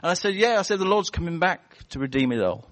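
A man preaching a sermon in a church, animated and chatty, telling stories and acting out voices. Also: high voice, fast talker. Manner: animated, storytelling with acted-out voices.

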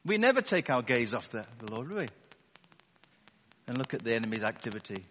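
A man's voice: mid-range voice, sing-song, a little fast, a bit bright. A man preaching a sermon to a live congregation, conversational and wry, throwing rhetorical questions at his listeners over a wireless microphone. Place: church hall with a live congregation. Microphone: wireless battery microphone. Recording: long reverb of a large hall.

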